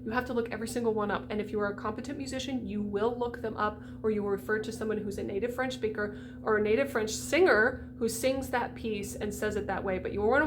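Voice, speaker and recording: A woman voice coach giving a chatty, animated diction lesson for singers, demonstrating each sound. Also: a little high, background noise.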